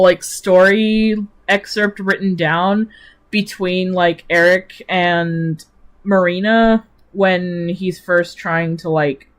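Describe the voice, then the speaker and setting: A woman streamer chatting casually about her own characters, rambling with lots of fillers and giggling often. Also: mid-range voice.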